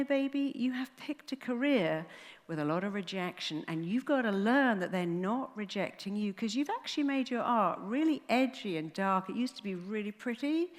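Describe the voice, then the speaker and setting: Animated woman telling stories on stage. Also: mid-range voice. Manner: animated storyteller acting out quoted dialogue. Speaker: speaker giving a talk. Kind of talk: storytelling stage talk. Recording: long hall reverb.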